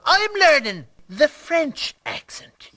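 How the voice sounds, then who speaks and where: A man's voice: extremely high pitch, huge pitch swings, takes it slowly, sharp tone, dry recording, heavily acted. A man voicing a gullible, grumbling older Irish puppet bachelor with an Irish accent, drawling, whiny and easily outraged. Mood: boastful. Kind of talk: comic sketch banter.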